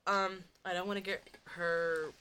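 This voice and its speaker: Bright, chatty young woman host. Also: lowish voice, level tone, a little slow, smooth. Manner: chatty, upbeat, says "like" often. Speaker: podcast host. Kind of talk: casual chat.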